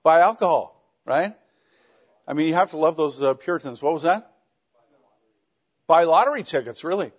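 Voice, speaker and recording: A man's voice: on the high side, animated, normal speed, long pauses, husky. Wry man lecturing a class, lo-fi. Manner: conversational, wry and joking. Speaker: teacher. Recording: dull lo-fi classroom recording.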